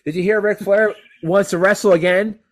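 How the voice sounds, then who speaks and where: A man co-hosting a wrestling podcast, chatting casually in an animated, rambling way with frequent swearing. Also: high-pitched, moderate pace. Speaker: podcast co-host. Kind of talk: casual chat.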